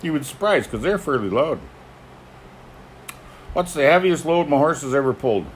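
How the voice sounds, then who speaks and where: An older man, hosting a casual chat and telling folksy stories about horses, often chuckling and clearing his throat. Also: fairly high pitch, expressive, moderate pace, a little hiss or hum. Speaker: host, horse teamster. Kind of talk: casual chat answering viewer questions.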